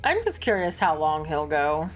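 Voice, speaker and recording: A woman's voice: low-pitched, very animated, moderate pace, soft background music. A young woman streamer making casual, joking asides over a game.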